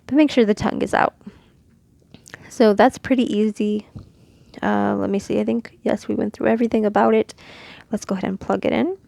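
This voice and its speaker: A Mexican woman teaches Quran reading in a relaxed, patient, casual lesson, often pausing to demonstrate sounds. Her medium-pitched voice is slightly gravelly and a little fast. The recording is close and dry, with no echo or room sound.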